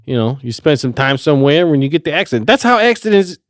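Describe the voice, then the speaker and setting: A man guesting on a podcast, laid-back with deadpan jokes in casual chat. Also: medium pitch, quick pace, noisy background. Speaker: podcast guest, punk musician.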